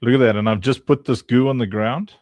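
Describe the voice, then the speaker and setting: The recording is dry and muffled, carrying a man's medium-pitched voice that moves briskly in a steady tone. He's casually chatting on a livestream as he playtests his own game, teasing, laughing often, and speaking to chat members by name.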